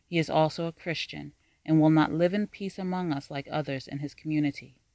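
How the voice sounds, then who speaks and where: A narrator voicing a young woman who serves as a court storyteller, speaking calmly and solemnly. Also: medium pitch, moderate pace, dry recording, close to an everyday voice. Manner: calm, solemn.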